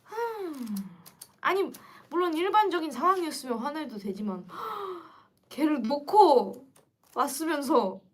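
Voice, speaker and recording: A young woman chatting casually to viewers on a livestream, lively and quick to react. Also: high voice. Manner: chatty and animated, switching between English and Korean. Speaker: livestream host.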